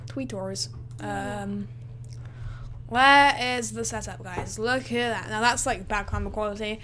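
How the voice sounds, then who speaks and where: A woman's voice: medium pitch, unhurried, a bit bright, slight background noise. A woman, livestreaming her gaming in a hyper, chatty way full of fillers. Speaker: gaming streamer. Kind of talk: excited livestream chat.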